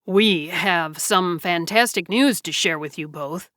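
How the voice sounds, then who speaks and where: A woman reading the lines of a calm grown man in an audiobook, her voice slightly lowered and softened. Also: a little slow, no echo, studio quality. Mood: earnest. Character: grown man, calm, warm, bearer of news.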